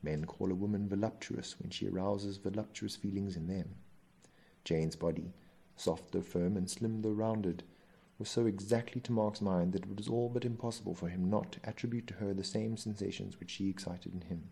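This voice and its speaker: A man reading a novel aloud in measured, even storytelling narration. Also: sits low, gravelly, husky. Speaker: audiobook narrator.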